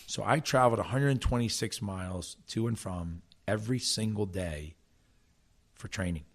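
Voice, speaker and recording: Telling stories from his playing career as an interview guest, this middle-aged former player and coach from South Jersey gets animated and keeps restarting and repeating himself. His voice is on the low side and slightly rough, at a moderate pace.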